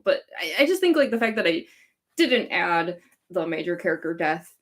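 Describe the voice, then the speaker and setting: A woman's voice: mid-range voice, lively intonation, moderate pace, pauses often. A young woman from Chicago with a California-sounding accent, chatting casually on a live Q&A with a rambling, giggly valley-girl manner full of likes and ums. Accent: California-sounding American. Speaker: fanfic author hosting a live Q&A. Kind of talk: casual livestream chat.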